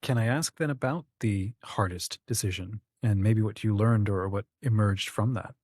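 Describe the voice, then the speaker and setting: A man's voice: on the low side, moderate pace, darkish tone, husky, no room sound, clean studio sound. A man hosting a podcast, asking questions and offering short affirmations. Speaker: podcast host. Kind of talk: interview questions.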